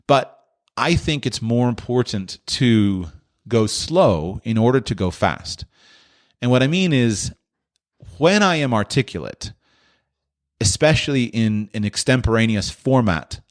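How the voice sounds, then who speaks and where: A man hosting a podcast, answering listener questions in a thoughtful, explanatory way with frequent restarts. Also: on the low side. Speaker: podcast host.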